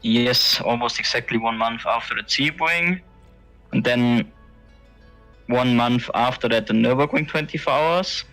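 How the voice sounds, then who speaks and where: A man's voice: medium pitch, a little slow, sharp tone, faint music behind, low-quality recording. A man chatting casually on a live racing stream, dry and teasing. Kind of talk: casual chat.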